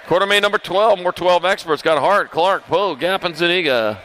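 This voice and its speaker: A man calling live racing over a PA at an outdoor track, rattling off riders' names in quick, playful bursts. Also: high-pitched, fairly bright tone, slight background noise. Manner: rapid-fire, playful, calls names in quick lists. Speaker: race announcer. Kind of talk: live race commentary. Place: outdoor racetrack.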